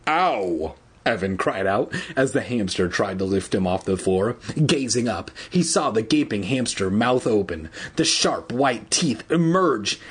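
A man's voice: medium pitch, breathy edge. A man reading a children's book aloud casually, adding joking asides and laughing at his own slips. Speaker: reader.

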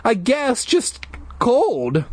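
A man voicing a scared young boy in a spoken storybook reading, high and husky. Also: wildly swooping pitch, drawn-out words, heavily acted. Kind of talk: amateur audiobook reading.

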